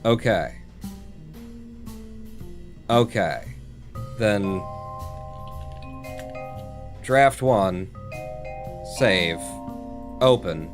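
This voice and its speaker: A man's voice: fairly low pitch, lively intonation, drawn-out words, long pauses, over music. A man live-streaming a space game, thinking aloud, reading chat and swearing casually.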